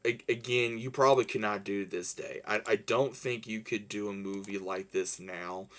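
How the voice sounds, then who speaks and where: Rambling, low-voiced man reviewing a movie. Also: moderate pace, fairly bright tone. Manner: rambling, many fillers and restarts; enthusiastic, laughs while recalling scenes. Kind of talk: casual spoken movie review.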